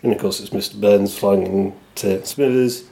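A man's voice: fairly low pitch, steady tone, moderate pace, gravelly, dark tone. Man chatting on a podcast. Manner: quotes lines in put-on voices, chuckles at himself. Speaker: podcast co-host. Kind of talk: casual chat and scripted segment.

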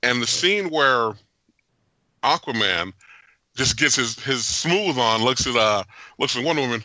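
Bright, dry-voiced man reviewing a film. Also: mid-range voice, normal speed, dry recording. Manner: animated, jokey, opinionated, laughs often. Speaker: podcast host. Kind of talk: casual movie review chat.

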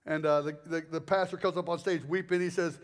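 A male preacher giving a sermon, telling stories in a rambling, animated way full of jokes and asides. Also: on the high side, brisk.

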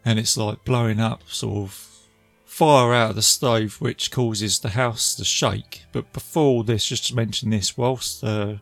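A man's voice: on the low side, fairly even intonation, measured pace, gravelly, fairly bright tone, dry recording, soft background music. A man casually retelling a film's scenes, chatty and laughing as he goes. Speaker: film reviewer. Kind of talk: casual film recap.

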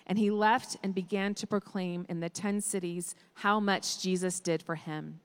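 A woman giving a steady, measured scripture reading. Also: lowish voice, clean tone. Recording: echoey hall.

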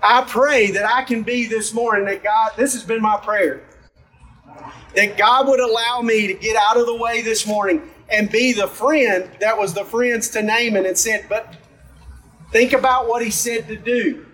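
High-voiced pastor preaching from afar. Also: male voice, unhurried, recorded from a distance, poor audio. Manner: conversational, animated, acts out story characters. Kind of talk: sermon.

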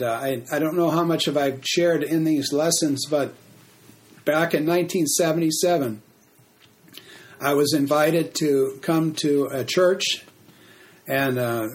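A middle-aged man preaching a sermon, telling a testimony at an unhurried pace with frequent fillers and restarts. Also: a little high. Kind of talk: sermon teaching.

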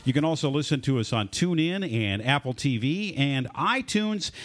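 A man's voice: a little high, expressive. A man hosting a casual radio talk show, jokey and playful with his co-hosts. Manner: jokey, playful, quick to kid around.

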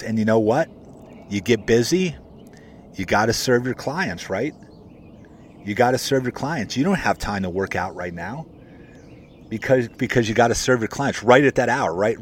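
A man's voice: fairly low pitch, slight background noise. Emphatic, chatty man giving a motivational talk. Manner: conversational and emphatic, repeats points, says "guys" often; greets viewers by name while talking. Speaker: motivational vlogger and coach for real estate agents. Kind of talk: casual motivational talk to camera.

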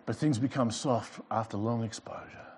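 A male pastor preaching a sermon to a church congregation. He swings between loud emphasis and quiet passages, with light joking asides. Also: mid-range voice, normal speed, slightly rough. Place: church service before a congregation.

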